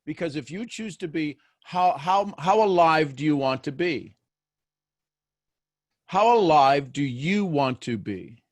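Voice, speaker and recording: A man's voice: on the high side, animated, slow, dry recording, clean studio sound. A man hosting a daily motivational show, talking live to listeners. He keeps asking them questions and repeats phrases as he builds each point.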